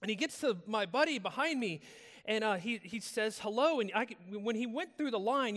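American male pastor, light high voice, chatty storyteller, big echoing sanctuary. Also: a bit bright. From United States. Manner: casual storytelling, conversational. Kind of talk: sermon. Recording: long reverb of a large hall.

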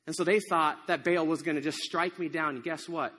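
The biblical farmer-hero Gideon, played by a man in a dramatic monologue, timid yet bold. He tells his tale in a high, animated voice, by turns exasperated and wry. A long hall reverb trails every line. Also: a little fast, husky. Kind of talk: first-person dramatic monologue.

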